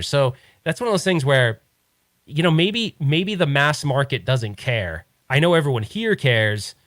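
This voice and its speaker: A man's voice: medium pitch, no room sound, studio quality. Chatty man hosting a podcast. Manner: rambling, opinionated, many restarts. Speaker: podcast host. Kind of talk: casual chat.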